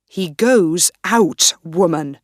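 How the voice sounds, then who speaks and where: A stern, threatening male nobleman, read by a woman in a storybook audio. He gives his orders slowly and firmly, in a low, dry, close voice. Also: clean tone, no echo. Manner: stern, commanding. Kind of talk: graded reader audiobook.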